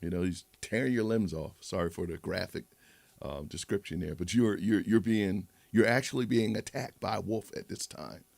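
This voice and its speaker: Man hosting a livestream, very low gravelly voice, rambling with restarts, dry close sound. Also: moderate pace, darkish tone, dry recording. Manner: rambling, frequent restarts, moralizing. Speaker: livestream host. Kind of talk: casual livestream monologue.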